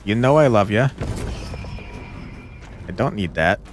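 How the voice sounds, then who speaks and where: A man's voice: lowish voice, lively intonation, unhurried, faint music behind. A man streaming a game live, chatting playfully with viewers and reading the story text aloud.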